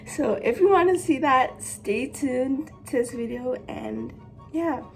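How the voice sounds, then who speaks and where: A young woman vlogging in an easy, unhurried way, her speech loose and full of fillers and little giggles. Her nose sounds stuffy from allergies, and her voice sits a touch high for a woman. Soft music plays faintly underneath. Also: lively intonation. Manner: giggly, talks with lots of fillers. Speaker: vlogger pranking her boyfriend. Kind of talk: casual chatty vlog.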